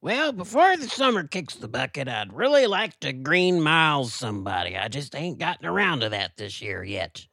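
A man voicing Mister Possum, a folksy rural male possum character, talking in a deadpan, rambling drawl on a comedy podcast. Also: on the high side, moderate pace, vocal fry, hardly any pauses, no room sound, studio quality, exaggerated voice. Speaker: co-host.

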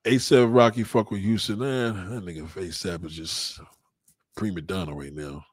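Young male streamer, loose and profane, lowish voice, dry close sound, rambles to chat. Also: fairly even intonation, measured pace, breathy edge, no room sound. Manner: profane, rambling street talk with shout-outs. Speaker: livestream host. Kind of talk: casual livestream chat with viewers.

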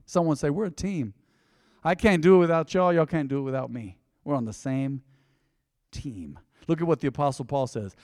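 A pastor preaches in a church sanctuary, joking and conversational, urging the congregation to respond. He speaks at a moderate pace in a slightly high, somewhat mellow voice. The clean studio sound has no room noise but does carry a long reverb tail.

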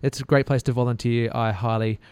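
A man hosts a casual podcast from a radio studio, joking along and making fun of himself. His voice is smooth and clear, and the studio mic sounds dry and close. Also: medium pitch, steady tone, fairly quick, darkish tone, no room sound. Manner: joking and self-mocking. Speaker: podcast host.

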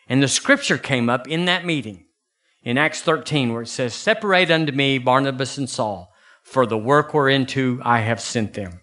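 A man preaching a sermon as pastor, folksy and animated, jumping into high bursts for emphasis. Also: moderate pace.

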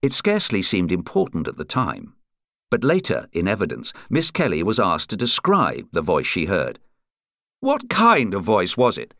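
Deep-ish man, richly varied audiobook reading. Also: a bit bright, no echo, clean studio sound. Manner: measured, atmospheric reading. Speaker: audiobook narrator. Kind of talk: scripted true-crime narration.

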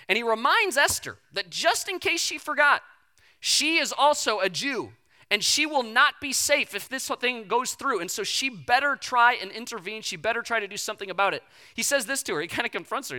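A preacher retelling a Bible story in a casual, animated sermon with slangy asides. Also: medium pitch.

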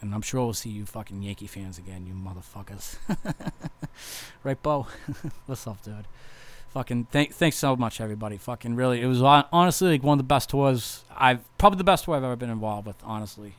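Brief profane young metal bassist. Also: male voice, brisk. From Massachusetts. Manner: profane, rambling, heartfelt, lots of fillers. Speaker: touring metal bass player. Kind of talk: casual vlog thank-you message.

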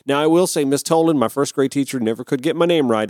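A podcast host from Georgia, USA, reads an article aloud, breaking off into conversational, self-deprecating asides. His medium-pitched voice has lively intonation, normal speed and a darkish tone, with dry, clean studio sound.

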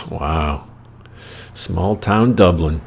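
American male storyteller, very low and heavily gravelly voice, rambling and profane, wry casual delivery. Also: drawn-out words, a little hiss or hum. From United States. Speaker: storyteller host.

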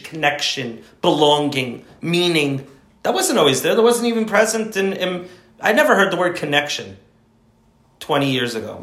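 A man's voice: a little high, a bit bright. Man lecturing a group in an echoey room. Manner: rambling, restarts sentences, emphatic. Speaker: teacher leading a study group.

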